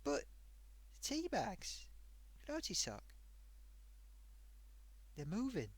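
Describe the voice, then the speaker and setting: A woman's voice: mid-range voice, wildly swooping pitch, drawn-out words, no room sound, heavily acted. A performer voicing a caring woman who fusses over her old friend in a puppet comedy story. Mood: fussing.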